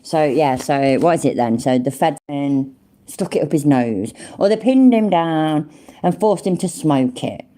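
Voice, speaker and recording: A woman's voice: sits low, animated, measured pace, dark tone. A woman hosting a reaction video, furiously ranting and swearing nonstop. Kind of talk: angry reaction commentary.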